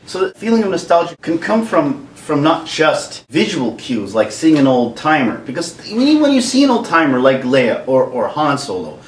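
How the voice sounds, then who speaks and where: Male vlogger, lively and rambling rant, recorded in an echoey room. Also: mid-range voice, moderate pace, hardly any pauses, slight background noise. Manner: animated, rambling, repeats words. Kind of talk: opinion rant. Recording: roomy echo, mic far off.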